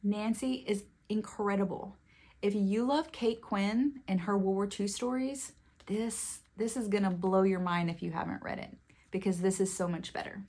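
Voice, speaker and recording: A woman talking to camera about her favorite books, gushing and emotional, her quick bursts of talk sometimes turning tearful. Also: mid-range voice. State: tearful at times. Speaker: book reviewer. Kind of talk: casual book talk to camera.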